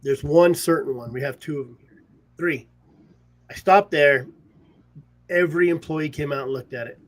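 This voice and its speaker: A man's voice: on the high side, moderate pace. A man casually telling an anecdote in a podcast conversation. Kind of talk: casual chat.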